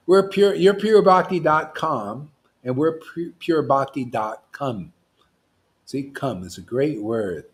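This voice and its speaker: A man, a spiritual teacher, giving an informal devotional talk, provocative and animated, swinging from loud bursts to hushed asides and laughing often. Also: mid-range voice, a little slow.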